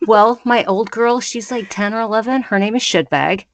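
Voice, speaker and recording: A woman's voice: a little high, moderate pace. A woman guest on a podcast, talking in a brash, crude, joking way. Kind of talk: casual chat.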